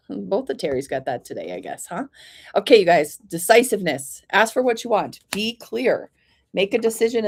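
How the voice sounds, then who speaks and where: A woman of middle pitch reads oracle cards for her live viewers one by one. She talks in a gentle, reassuring, chatty way, greeting each person by name, and often pauses to clear her throat. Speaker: oracle card reader. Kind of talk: live-streamed card reading.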